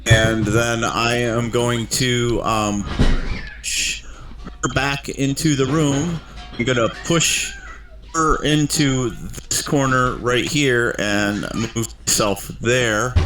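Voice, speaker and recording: A man describes his moves in a tabletop game slowly and hesitantly, with many pauses. His voice carries a roomy echo. He sits at a middle pitch. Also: steady tone, over music. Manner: hesitant, slow, many ums. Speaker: player. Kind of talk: playing an online tabletop game.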